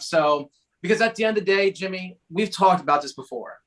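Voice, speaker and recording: A man from New Jersey talking as a guest on a talk show in an energetic, chatty way. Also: sits high, fairly quick. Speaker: guest speaker. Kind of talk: conversational interview talk.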